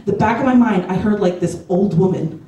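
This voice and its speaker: A woman's voice: medium pitch, fairly quick, dark tone. A woman doing a stand-up set, mocking herself and laughing at her own lines. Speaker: stand-up comedian. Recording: echoey club from far off.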